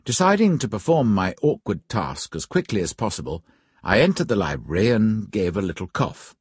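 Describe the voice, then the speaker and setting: A man narrating a story in a calm, orderly way. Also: fairly low pitch, moderate pace, slightly rough, no room sound.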